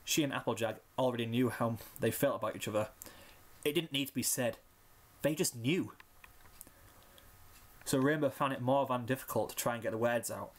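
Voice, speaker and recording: Man calmly narrating a fan story. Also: medium pitch, moderate pace, long pauses. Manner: calm, even reading with small slips. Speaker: fan fiction reader.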